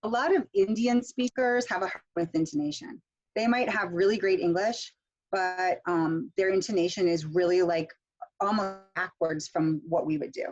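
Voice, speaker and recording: A woman instructor leads an online pronunciation workshop, showing intonation through example sentences in a casual, filler-heavy style and checking in with "okay?". Her voice is on the low side at a normal speed, recorded muffled with soft music behind her.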